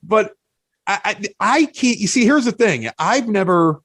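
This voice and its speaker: Lively Chicago-accented man telling stories. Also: high voice, measured pace, no room sound. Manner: animated, self-mocking storyteller with many restarts. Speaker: podcast guest. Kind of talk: casual storytelling chat.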